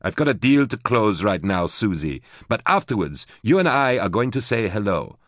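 A man voicing a vicious, unhinged male gang leader who snarls and shouts threats in an audiobook. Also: lowish voice, very animated, normal speed, no echo, clean studio sound, pitched above the performer's own voice. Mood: menacing. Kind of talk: audiobook character voice.

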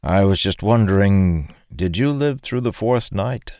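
A kindly aged man, voiced by a male narrator who speaks softly and politely. The tone is low and the recording close and dry, with a measured audiobook pace. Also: expressive, no room sound. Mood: gentle. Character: aged man, gentle, kind and sorrowful.

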